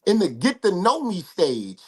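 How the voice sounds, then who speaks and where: A man guest in a casual livestream chat, talking in an animated, slangy, emphatic way. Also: sits high, measured pace, breathy edge.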